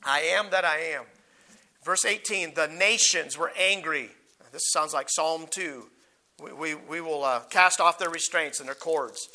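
A man with a fairly high, bright, pushed voice preaches a Bible teaching sermon. He reads scripture slowly and emphatically and stumbles through asides, growing hoarse and clearing his throat.

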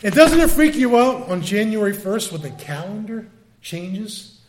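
An older man with a high voice gives a sermon in a loose, conversational way. He keeps tossing rhetorical questions and quick asides to his listeners. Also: sing-song. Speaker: pastor.

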